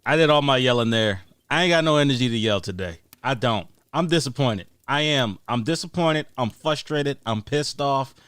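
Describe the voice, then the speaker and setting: A man's voice: medium pitch, animated, moderate pace, few pauses, clear, resonant tone, dry recording, studio quality. A man, co-hosting a sports podcast, ranting emphatically and repeating his points as he builds up steam. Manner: emphatic, repetitive, rising to near-shouting on points. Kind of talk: heated sports talk rant.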